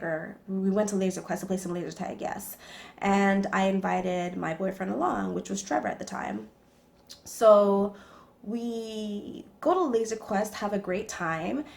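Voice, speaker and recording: A young woman telling a personal story to the camera in a casual, animated way, with lots of fillers. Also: medium pitch, vocal fry. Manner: animated, chatty, many fillers. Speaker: vlogger.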